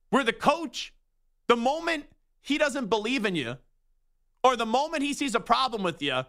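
Young male sports radio host, high, bright voice, opinionated and emphatic. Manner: animated, emphatic, rapid rhetorical questions. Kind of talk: opinionated sports talk monologue.

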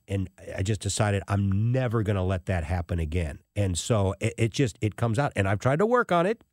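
Animated low-voiced male radio host. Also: no echo, clean studio sound. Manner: animated, emphatic storyteller. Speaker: radio talk show host. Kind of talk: casual radio storytelling.

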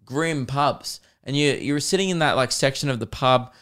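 An Australian man hosting a podcast, chatting casually and telling rambling stories with laughs and quick mimicry. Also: mid-range voice, a bit bright, smooth. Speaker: podcast host and comedian. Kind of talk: casual chat.

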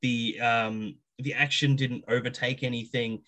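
A man's voice: medium pitch, a little slow, rough recording. A man co-hosting a gaming show, chatting casually about a film with many fillers. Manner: relaxed, rambling with fillers. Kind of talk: casual review chat.

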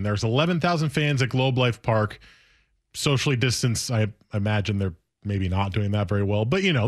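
A man in his thirties co-hosting a sports radio show, telling stories with laughs and acted-out quotes. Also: mid-range voice. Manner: animated storytelling, acts out quotes with laughs. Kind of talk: casual sports radio banter.

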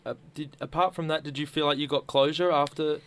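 Smooth-voiced man hosting an interview. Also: on the high side, fairly even intonation, a little fast. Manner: hesitant, gentle questions with fillers. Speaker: podcast host.

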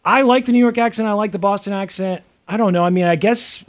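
Midwestern American man co-host, higher-pitched voice, rambling casual talk. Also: quick pace. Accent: General American Midwest. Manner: chatty, musing, full of fillers and restarts. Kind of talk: casual chat.

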